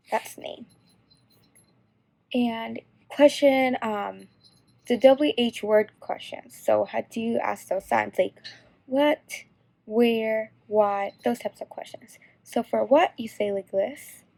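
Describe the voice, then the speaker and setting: Slow, gravelly-voiced young woman teaching. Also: medium pitch, darkish tone, no echo. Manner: halting, slow explanation. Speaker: sign language instructor. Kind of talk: casual tutorial.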